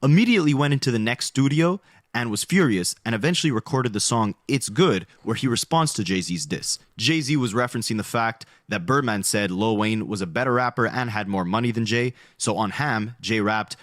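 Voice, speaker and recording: A man's voice: fairly low pitch, animated, a bit bright, no room sound, studio quality. A man narrating a scripted commentary video, laying out his points one by one. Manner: brisk, explanatory, listing points.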